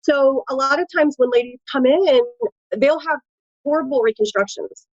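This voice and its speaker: A woman's voice: high-pitched, moderate pace, no echo, highs cut off. A woman with a Midwestern American accent, a tattoo artist and nurse, talking casually in an interview with lots of fillers. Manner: chatty, animated, frequent fillers.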